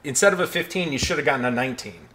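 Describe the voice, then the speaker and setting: A man's voice: medium pitch, very fast, pushed and bright. A man narrating as dungeon master of a tabletop game, rambling and restarting as he describes the scene.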